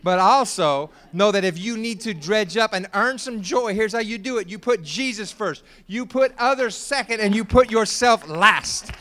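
A man preaching a sermon as pastor, joking with the congregation and building up to shouted exhortations. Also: high voice, normal speed, hardly any pauses.

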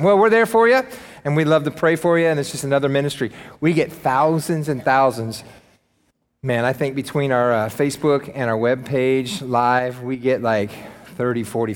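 A male pastor preaching a sermon to his congregation in an easygoing, enthusiastic way, joking with the room between points. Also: fairly high pitch. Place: church sanctuary. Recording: long reverb of a large hall.

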